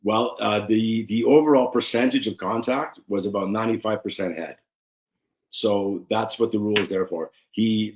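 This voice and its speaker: A man, a former referee, talking casually as a guest in an interview and telling animated stories. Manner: animated storyteller, acts out quotes with raised pitch.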